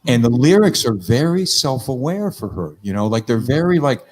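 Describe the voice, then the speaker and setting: A man's voice: medium pitch, sing-song, moderate pace, a little mellow. A middle-aged man telling stories in a rambling, casual chat, swearing freely.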